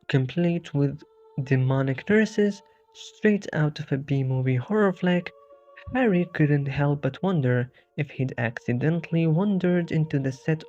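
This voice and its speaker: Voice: mid-range voice, warm tone. A narrator giving comedic scripted narration in a dry, jokey storytelling manner, over dull lo-fi sound and faint music.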